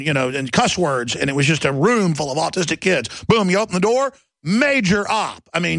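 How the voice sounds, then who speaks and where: A man hosting a talk show, delivering a heated, mocking rant and mimicking others in shrill voices. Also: gravelly, a bit bright, no room sound.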